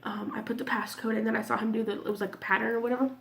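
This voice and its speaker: A woman's voice: a little high, flat delivery, rapid-fire, vocal fry, fairly bright tone. A woman in her twenties telling a personal story to camera in a casual, candid way, swearing freely and sometimes dropping almost to a whisper. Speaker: vlogger.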